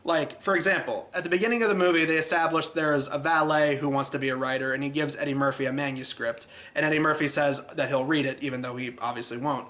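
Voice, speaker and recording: A man's voice: a little high, steady tone, fast, few pauses, a bit bright. A man hosting a casual film review, chatty and exasperated, acting out scenes as he goes.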